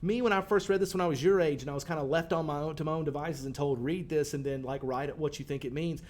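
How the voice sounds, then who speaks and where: A man's voice: fairly high pitch, fairly even intonation, fast, a little mellow. A male teacher, talking students through a poem in a conversational way, with fillers and lines read aloud. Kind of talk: recorded poetry lesson for students.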